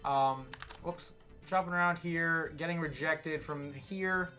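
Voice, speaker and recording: A man's voice: on the high side, slow, pushed and bright. A man with an American accent hosting a livestream, giving casual market commentary while a little tipsy, rambling with many fillers and restarts. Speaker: livestream host.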